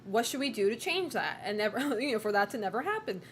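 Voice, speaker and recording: A woman streamer with a fairly high, sing-song voice talks fast, rambling casually, swearing freely, and greeting viewers. She laughs often, and there's slight background noise.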